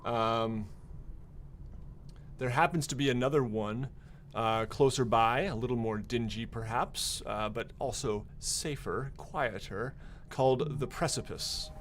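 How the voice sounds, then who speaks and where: A man narrating as game master in an easygoing, rambling way, pausing often on fillers. His voice has a mid pitch, with faint noise behind it.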